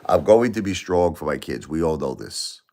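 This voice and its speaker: A man's voice: rumbling low, animated, normal speed, warm tone. A middle-aged man hosting a livestream, talking emotionally to viewers and repeating himself as he grieves. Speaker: livestream host.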